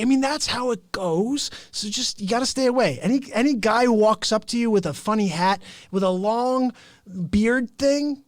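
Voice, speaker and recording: A man hosting his show with an improvised, rambling comic rant, mock-indignant and animated. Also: extremely high pitch, moderate pace, no room sound. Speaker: host.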